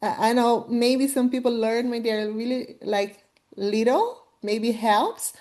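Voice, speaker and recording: A woman from Brazil co-hosts a relaxed chat in a slightly high voice. She chimes in lively and agreeable, talking in a friendly, conversational way. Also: slow. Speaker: co-host. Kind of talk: casual interview chat.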